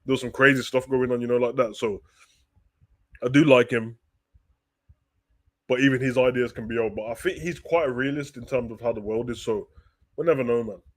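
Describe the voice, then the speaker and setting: Slangy man hosting a live stream. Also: mid-range voice. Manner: slangy, animated, talks fast and loose. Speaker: wrestling talk show host. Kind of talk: live-stream chat, reading out viewer questions.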